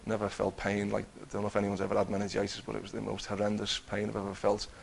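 Guy telling his faith story, earnest, lots of restarts, gravelly, faint room hum behind. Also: lowish voice, monotone, quick pace. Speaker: testifying believer. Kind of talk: personal testimony.

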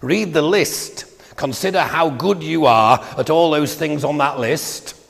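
An older man delivers a sermon in a gravelly voice. He talks in a conversational way and wanders into side stories. His words ring out with a long echo in a church hall. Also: a little high, measured pace, fairly bright tone. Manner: conversational, digressive preaching with asides. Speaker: preacher.

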